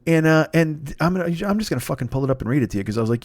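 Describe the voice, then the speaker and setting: A man's voice: medium pitch, racing, few pauses, darkish tone, no echo. Profane ranting male comedian. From half Irish heritage. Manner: profane, exasperated, rambling. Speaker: comedy podcast host. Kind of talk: solo comedic rant.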